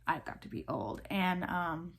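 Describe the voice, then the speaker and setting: A woman's voice: lowish voice, expressive, unhurried, creaky, a bit bright, breathy edge. Chatty Southern woman in her twenties. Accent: Southern American. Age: 20s. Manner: chatty, rambling, many fillers and restarts. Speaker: vlogger. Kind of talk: casual chat.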